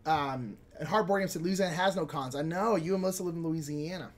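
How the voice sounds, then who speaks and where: A man's voice: fairly high pitch, quick pace. A man co-hosting a live board game stream, chatting casually, reading viewer comments aloud and explaining rules as he plays. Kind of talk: casual live-stream chat while playing.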